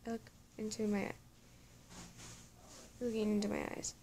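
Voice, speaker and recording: A woman's voice: mid-range voice, completely flat delivery, moderate pace, mellow, a little hiss or hum. Woman stumbling through reading a story. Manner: stumbling reading with frequent self-corrections; breaks off into laughing, exasperated asides. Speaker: story reader. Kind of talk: reading a fan story aloud with reactions.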